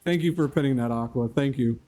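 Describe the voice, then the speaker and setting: Chatty, mellow-voiced man streaming a game. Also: medium pitch, brisk. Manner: chatty, laughs often, talks to chat by name. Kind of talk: casual live-stream chat while playing.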